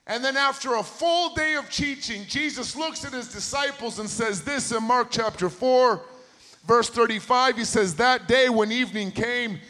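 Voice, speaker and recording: High-voiced preacher in a reverberant hall. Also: male voice, normal speed, bright, forceful tone. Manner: storytelling with rising intensity, repeats phrases. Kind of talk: sermon. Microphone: handheld microphone.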